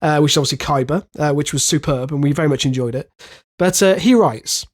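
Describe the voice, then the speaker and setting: A man's voice: on the high side, brisk, hardly any pauses. Congested, nasal man. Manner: hesitant, many fillers and restarts. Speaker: podcast co-host. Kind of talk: casual chat.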